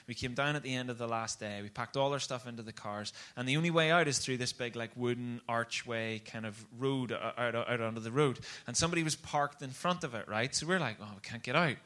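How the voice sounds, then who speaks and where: A man preaching a sermon, telling a story in an animated, conversational way. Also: medium pitch, brisk, few pauses.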